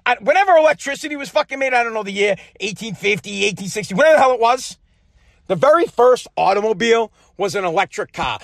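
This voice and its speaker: A very high-pitched man tears through a heated podcast rant, cursing freely as he lurches between outbursts and low grumbling. His voice is recorded bone-dry, with no room sound, in a home basement setup. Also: animated, fast, creaky, no echo. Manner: heated, profane, swinging between shouting and muttering. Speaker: podcast host. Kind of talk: angry political rant.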